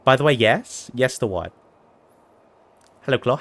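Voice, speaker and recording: Medium in pitch, unhurried, a bit bright and lively in intonation, this streamer still sounds tired during a long gaming stream. They chat playfully with viewers, reading messages aloud and teasing right back.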